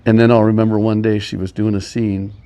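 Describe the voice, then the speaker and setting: Gravelly older man telling stories. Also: lowish voice, level tone, dark tone. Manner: meandering, chuckling, many pauses. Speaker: storyteller. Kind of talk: casual storytelling.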